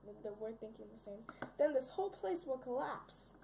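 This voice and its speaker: A young woman giving casual, excitable commentary while playing a game, often yelping and repeating words in a panic. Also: a little high, normal speed, gravelly, slight background noise. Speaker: gaming video creator.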